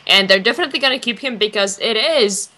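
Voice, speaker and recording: Bright, animated woman co-host. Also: a little high, fast talker. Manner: enthusiastic fan, animated. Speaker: podcast co-host. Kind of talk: casual chat.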